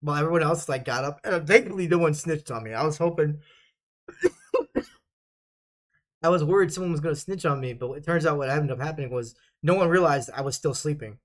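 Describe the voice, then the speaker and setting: A man's voice: fairly high pitch, brisk. A young man casually telling stories from basic training, rambling and swearing a lot, laughing often as he goes. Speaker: vlogger. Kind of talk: casual storytelling.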